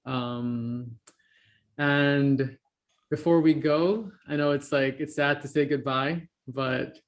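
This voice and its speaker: Host with a light stutter. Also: male voice, fairly high pitch, steady tone, slow. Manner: light stutter with fillers, friendly. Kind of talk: closing remarks of an online event.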